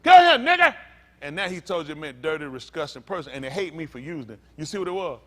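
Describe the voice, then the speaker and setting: A male pastor preaching a teaching sermon. He talks with lively emphasis, acts out the voices he quotes, and reads aloud haltingly. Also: a little high.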